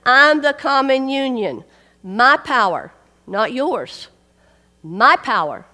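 A woman's voice: high-pitched, sing-song, slow pace, bright, forceful tone. A woman preaching a sermon, emphatic and repeating key phrases for weight. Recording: long hall reverb.

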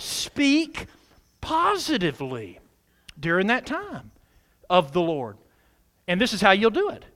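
A man preaches a sermon as pastor, with an animated call-and-response delivery. His voice is high for a man and leaps up and down in pitch. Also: measured pace, pauses often.

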